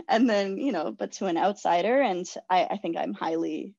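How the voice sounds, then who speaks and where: Chatty woman with a gravelly edge, dry sound. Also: medium pitch, lively intonation, measured pace, a little mellow, no echo, dull audio. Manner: chatty, self-deprecating, many "like" fillers. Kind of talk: casual conversation.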